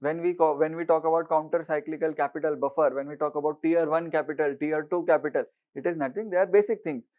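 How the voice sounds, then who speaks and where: A man with an Indian English accent lectures on economics in a fairly high voice, acting out haggling sellers and checking in with "right?". The sound is dull and lo-fi. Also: fairly even intonation, quick pace, hardly any pauses. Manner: explains with everyday market stories, acts out haggling sellers; mixes Hindi words into English, asks "right?" often. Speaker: economics teacher. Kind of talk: online exam-prep lecture.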